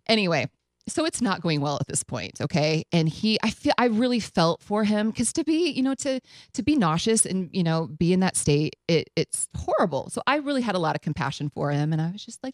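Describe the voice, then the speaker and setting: Eine Frau, Moderatorin einer Radiosendung, die locker und lebhaft eine persönliche Geschichte erzählt und Zitate mit Lachen nachspielt. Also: female voice, medium pitch, a little fast, no room sound. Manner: animated, acts out quotes with laughs. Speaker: radio show host. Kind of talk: casual storytelling chat.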